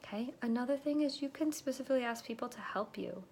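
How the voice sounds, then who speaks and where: A woman's voice: fast, a little mellow, a little hiss or hum. A woman giving a casual how-to talk on sales, checking in with her listeners and acting out the lines she uses with customers. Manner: chatty, checks in with "okay?", acts out her sales pitches. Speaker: direct sales consultant. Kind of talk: instructional talk to sales reps.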